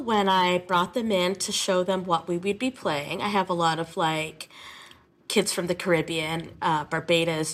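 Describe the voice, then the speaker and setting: A woman music teacher talking in an animated, chatty way, getting emotional as she tells her story. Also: fairly low pitch. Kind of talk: conversational interview.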